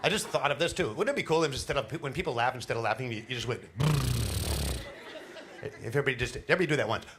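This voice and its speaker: A middle-aged man doing a stand-up comedy set on a cruise ship, telling animated stories with laughs and put-on voices. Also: medium pitch, rapid-fire, few pauses, background noise. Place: cruise ship show lounge.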